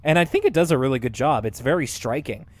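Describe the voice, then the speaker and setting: A man co-hosting a podcast in casual chat, retelling cartoon scenes in an animated way, with lots of fillers and laughs. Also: mid-range voice, quick pace. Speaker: podcast co-host.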